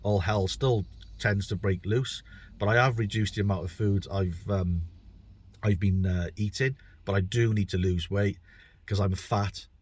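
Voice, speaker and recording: A middle-aged British bricklayer chats his way through his own podcast, rambling and self-deprecating, often repeating words as he thinks. His voice sits fairly low with fairly even intonation, moving at normal speed with a darkish, slightly rough tone.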